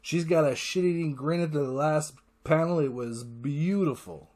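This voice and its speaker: Hosting his own casual solo podcast, a man whose voice sits on the high side and sounds a little mellow rambles enthusiastically and curses freely as he retells a story, jumping into quick voices to act out the characters' lines.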